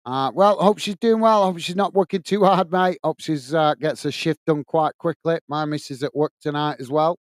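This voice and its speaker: An English host runs a live football watchalong stream, calling the play and reading viewer messages aloud in a chatty way. His voice sits on the high side, moving at a moderate pace with few pauses, captured in studio quality with no echo.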